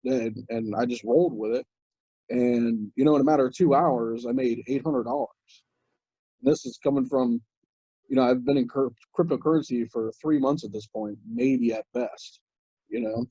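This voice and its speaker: A man with a husky, mellow voice talks in a relaxed, rambling way, full of "um"s and restarts. The sound is dry and a bit muffled, like a video call. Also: mid-range voice, moderate pace, no room sound. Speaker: guest crypto commentator. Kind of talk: casual chat.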